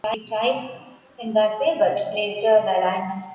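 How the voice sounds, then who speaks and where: A woman teacher giving an online poetry lecture, slow and deliberate, often repeating and restating her words. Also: mid-range voice, darkish tone, heavy reverb, long reverb tail, low-quality recording.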